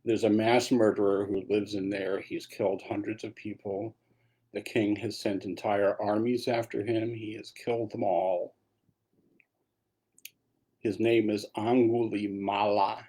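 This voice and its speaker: A man's voice: on the low side, little pitch movement, unhurried, warm tone, breathy edge, poor audio. A man voicing frightened, urgent villagers. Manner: urgent, pleading. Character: frightened villagers warning a traveler.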